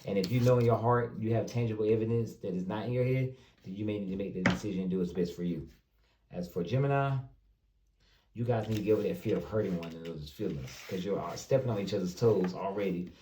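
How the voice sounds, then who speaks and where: A man's voice: fairly low pitch, fast, dark tone. A man giving a casual tarot reading, speaking loosely and straight to his viewers, often repeating himself. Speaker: tarot reader. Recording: roomy, distant mic with faint noise.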